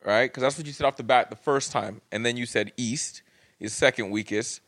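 A man in his thirties hosting a casual podcast chat, laughing often and shouting out listeners. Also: mid-range voice, a little fast, no room sound. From Canada. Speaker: podcast host.

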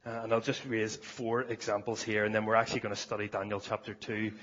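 A man's voice: on the low side, flat delivery, fast, fairly bright tone, highs cut off, a little hiss or hum. A man preaching a sermon at a church service, earnest, often repeating words as he starts a phrase.

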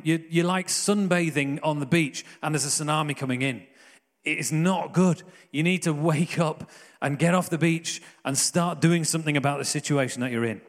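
Earnest preacher with hall reverb. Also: male voice, on the high side, moderate pace. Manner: conversational, earnest, jokey asides. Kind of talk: sermon.

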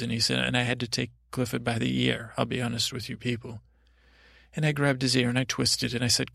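A man hosting a podcast, telling a meandering bedtime story in a halting way with many restarts. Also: medium pitch, level tone, creaky, sharp tone, dry recording, clean studio sound. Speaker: podcast host. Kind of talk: rambling bedtime story narration.

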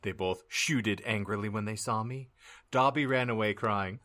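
A man hosting a comedy podcast, reading a story aloud in a mock-dramatic way and pausing to joke with his co-hosts. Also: fairly low pitch, no room sound. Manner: lively, mock-dramatic narration. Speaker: podcast host.

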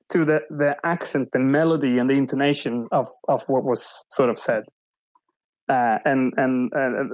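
Halting man with dry sound. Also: a little high, darkish tone, no echo, rough recording. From Sweden. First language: Swedish. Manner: halting, thoughtful, frequent restarts. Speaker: guest. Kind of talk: casual interview.

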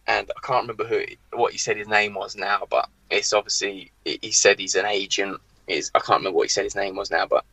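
A man's voice: lowish voice, no room sound, poor audio. A man, a former footballer telling stories from his career in a casual, self-mocking way on a podcast. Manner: lively storyteller, laughs at himself. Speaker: former professional footballer, guest.

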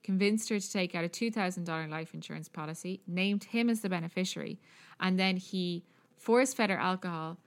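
A woman's voice: lowish voice, brisk. An Irish woman co-hosting a podcast, telling a true story in casual chat with lots of fillers and the odd swear. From Ireland. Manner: chatty, profane, many fillers. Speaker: podcast co-host.

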